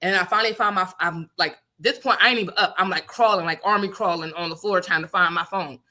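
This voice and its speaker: Bright-voiced woman telling a wild story. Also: fairly low pitch, fast talker. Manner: animated, swearing, laughs often, acts out quotes. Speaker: radio show co-host. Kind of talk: casual storytelling chat. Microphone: studio microphone.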